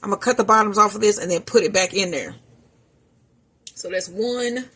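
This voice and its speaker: A woman's voice: mid-range voice, moderate pace, a bit bright, breathy edge. A woman chatting casually to her viewers while she cooks in her home kitchen, calling them y'all. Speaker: home cooking vlogger. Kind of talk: casual cooking vlog narration.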